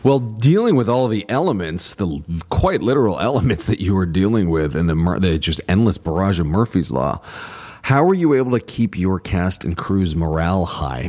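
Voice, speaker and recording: A man's voice: low voice, darkish tone. A man hosting a podcast and asking long, wordy interview questions. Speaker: podcast host.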